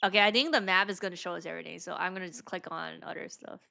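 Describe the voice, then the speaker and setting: A woman's voice: on the low side, fairly even intonation, rapid-fire, creaky, bright, forceful tone. A woman streaming a game, chatting casually with giggly, slangy asides. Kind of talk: let's play commentary.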